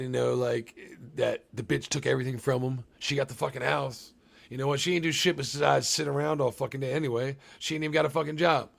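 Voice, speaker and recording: A man's voice: medium pitch, creaky. A young man recapping a movie on a casual live stream, rambling and swearing often and talking to his chat. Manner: profane, rambling, talks to chat.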